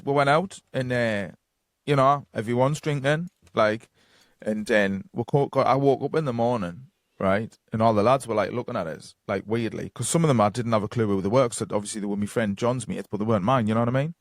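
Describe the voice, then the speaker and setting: A man's voice: medium pitch, fairly quick, no echo, clean studio sound. A man with a Geordie accent, telling long casual stories with many fillers as a guest on a podcast. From North East England. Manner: rambling anecdotes with many fillers and quoted dialogue. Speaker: guest psychic medium. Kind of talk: casual storytelling.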